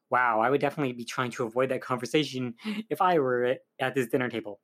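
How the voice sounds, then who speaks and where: A man's voice: medium pitch, fast talker, few pauses, fairly bright tone. A man casually recapping a film's plot as a reviewer, rambling with lots of fillers. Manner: chatty, rambling, full of "like" and "um". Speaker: film reviewer.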